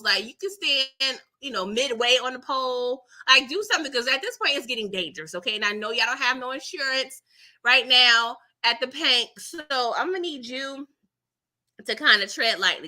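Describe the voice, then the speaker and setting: Lady doing a live recap, super bright voice, kinda high, laughing and chatty, lots of okay? and girl. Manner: animated, chatty, laughs often, tags lines with "okay?" and "girl". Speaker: TV episode recap host. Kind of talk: casual live-stream recap chat.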